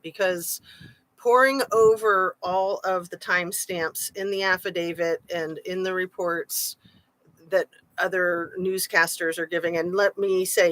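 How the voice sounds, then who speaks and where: A woman's voice: fairly low pitch, fairly bright tone, rough recording. A woman hosting a casual true-crime livestream, talking through her thoughts in a rambling way and reading out viewer comments. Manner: chatty, rambling, frequent "um" and "like".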